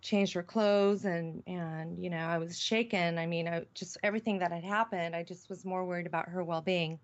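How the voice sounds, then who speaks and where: A woman's voice: fairly low pitch, steady tone, normal speed. Woman telling a story over dull audio. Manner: earnest, breathless storytelling with many restarts. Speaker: guest. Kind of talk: telling a personal story on a radio show.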